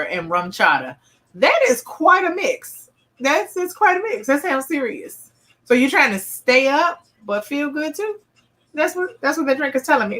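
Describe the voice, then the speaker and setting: This wine reviewer's voice is on the high side, bright and forceful, as she livestreams. She keeps the chat upbeat, reads out viewer comments, and sprinkles in plenty of "y'all" and "honey."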